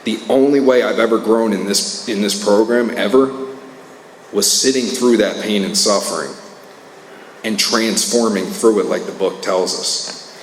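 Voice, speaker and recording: Low-voiced man telling his story in a hall. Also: a little slow. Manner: candid, earnest storytelling with many fillers. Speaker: speaker at a recovery meeting. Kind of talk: personal testimony talk. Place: meeting hall. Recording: echoey hall with faint noise.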